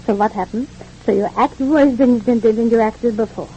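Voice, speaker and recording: A woman's voice: on the high side, moderate pace, dark tone, slight background noise, natural voice. An actress playing a talkative, kindly immigrant mother, stammering and philosophizing in 1940s radio acting. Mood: chatty. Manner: stammering repeats, rambling and philosophizing. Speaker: mother of the family. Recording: dull old radio recording.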